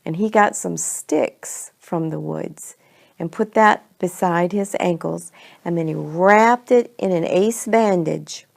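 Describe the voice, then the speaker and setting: A woman telling a homey family story in an unhurried, conversational way. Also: fairly low pitch, creaky. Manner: homey, unhurried, slips between we and they. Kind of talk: storytelling to children.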